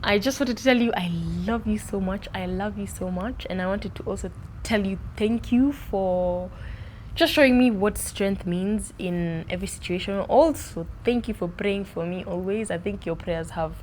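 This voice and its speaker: A young woman, answering interview questions in an animated, expressive way about her life and podcast. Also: medium pitch, normal speed, slight background noise. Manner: animated, expressive, playful with accents. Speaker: podcast host being interviewed. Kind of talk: casual interview chat.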